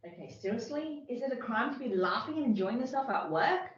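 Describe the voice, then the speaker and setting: A woman's voice: a little high, lively intonation, brisk, lightly acted. A woman playing a defensive agile team lead who explains her team's methods firmly, in an amateur workplace role-play over a video call. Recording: very echoey, distant mic, dull lo-fi sound.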